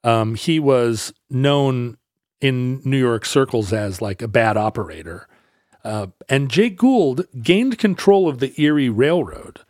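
A man's voice: mid-range voice, lively intonation, takes it slowly, a little mellow, no echo, studio quality. A man casually telling a history story on a podcast, rambling and correcting himself as he goes. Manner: rambling, self-correcting, laughs easily, tries funny voices.

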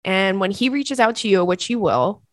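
A woman's voice: mid-range voice, animated, moderate pace, dry recording, clean studio sound. Candid, chatty young woman podcaster. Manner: candid, swears freely, chatty with asides. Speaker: podcast host. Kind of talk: casual advice chat.

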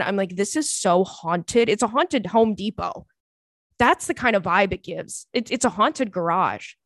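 A woman hosting a podcast in casual chat, an animated, chatty storyteller who breaks into playful squeals. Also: mid-range voice, dry recording, studio quality. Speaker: podcast host.

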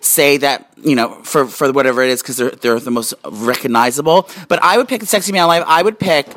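Speaking fairly quickly in an extremely low but fairly bright voice, this woman hosts a vlog from indoors at home. Tipsy and hiccuping, she rambles through celebrity facts in a casual chat, reading aloud with lots of fillers and false starts.

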